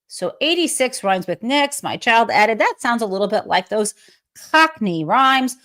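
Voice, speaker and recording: Snarky woman hosting a commentary show. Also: mid-range voice. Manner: snarky, casual, swears freely. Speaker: host.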